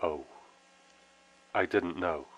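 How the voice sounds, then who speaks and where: A man voicing the warm, familiar voice of a dead male friend calling on the phone, solemn and wry. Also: deep voice, extremely slow, highs cut off, heavily acted. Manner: solemn, wry, with sudden brightening.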